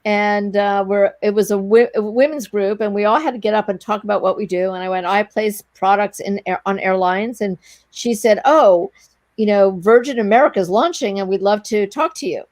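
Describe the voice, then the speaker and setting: Animated woman telling a story. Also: medium pitch, normal speed, no room sound. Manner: animated, breathless anecdote telling with quoted dialogue. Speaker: guest, entrepreneur. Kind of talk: storytelling in a casual interview.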